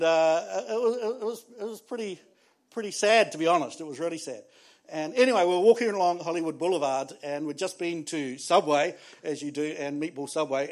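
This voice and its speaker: A man, preaching a sermon and telling stories in an animated way, often laughing and restarting his words. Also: a little high. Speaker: pastor.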